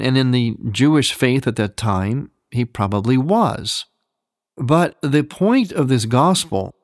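A man hosting a radio program, explaining a gospel theme in a reflective, gently emphatic teaching manner. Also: medium pitch, no echo, studio quality. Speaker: radio program host teaching on Byzantine Catholic liturgy.

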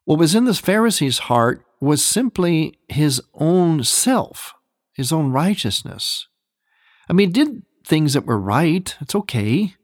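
A man hosting a radio program, explaining a gospel theme in a reflective, gently emphatic teaching manner. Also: on the high side, big pitch swings, takes it slowly, dry recording, clean studio sound. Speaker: radio program host teaching on Byzantine Catholic liturgy.

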